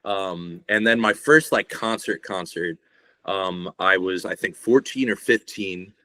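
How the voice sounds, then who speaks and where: A man's voice: sits low, measured pace, sharp tone, no echo. A young man, a guest on a podcast, talking in a rambling, laid-back way and swearing often. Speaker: guest, shirt artist. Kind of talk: casual podcast conversation.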